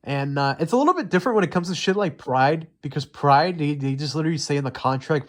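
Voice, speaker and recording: A man's voice: a little high, lively intonation, fast talker, hardly any pauses. A young man ranting heatedly and profanely in unscripted commentary, rambling with many fillers. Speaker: MMA commentary YouTuber.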